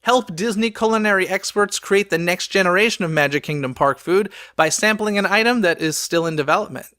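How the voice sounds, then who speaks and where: A man's voice: high voice, a little fast, sharp tone, dry recording, clean studio sound. A man hosting a podcast, reading a scripted news roundup in an upbeat way and dropping sarcastic quips.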